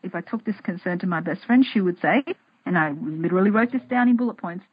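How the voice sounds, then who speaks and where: A slightly low, husky woman talking as a podcast guest, animated, often restarting and repeating her words. The sound is dry and a bit dull, like a lo-fi close mic. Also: quick pace, no echo. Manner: animated, acts out her inner voices in a higher tone. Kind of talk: casual interview talk.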